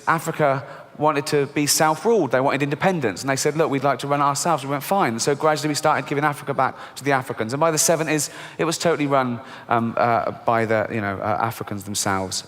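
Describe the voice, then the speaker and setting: A middle-aged man with an English accent doing a stand-up comedy set, swearing and mocking, acting out voices with big jumps in pitch. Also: a bit bright. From England. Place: large theatre stage before a laughing audience. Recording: live hall with long reverb.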